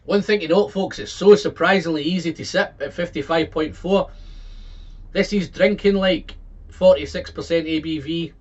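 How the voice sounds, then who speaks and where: Excitable man reviewing whisky. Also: a little high, muffled recording. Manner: excitable, lists tasting notes, repeats words and exclaims. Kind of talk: casual tasting review.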